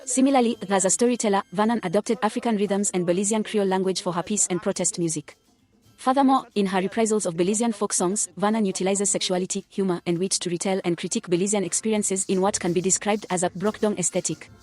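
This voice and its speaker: Woman student presenter, brisk formal reading of a literature paper. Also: mid-range voice, darkish tone, soft background music.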